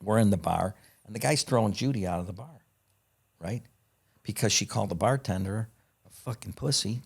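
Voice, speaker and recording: Deep-voiced, profane man telling a story. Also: fairly quick, gravelly, pauses often, husky. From United States. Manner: profane, animated storyteller acting out quotes. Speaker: podcast guest. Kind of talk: casual storytelling.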